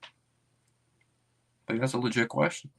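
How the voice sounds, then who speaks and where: A man hosting a casual livestream as a basketball fan, rambling and thinking out loud with excitable bursts. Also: mid-range voice, normal speed, gravelly, slightly rough.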